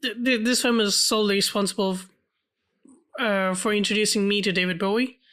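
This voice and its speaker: A woman's voice: medium pitch, steady tone, a little fast, a bit bright. A woman co-hosting a film podcast, speaking earnestly in casual chat with hesitant restarts. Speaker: podcast co-host.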